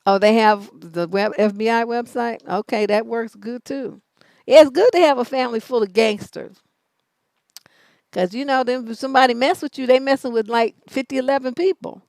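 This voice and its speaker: Middle-aged woman host, brash and profane, somewhat high-pitched, dry close mic. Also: moderate pace, creaky, dry recording. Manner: blunt, profane, animated storytelling with laughs. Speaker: advice show host. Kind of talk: live advice show, storytelling and reading questions.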